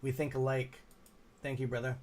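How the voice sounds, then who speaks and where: A man's voice: mid-range voice, flat delivery, normal speed, a little mellow, slight background noise. A man hosting a trading livestream, chatting casually with his chat, muttering and swearing at his computer as he tries to fix things. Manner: mutters and swears at the computer, then cheers on viewers. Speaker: livestream host.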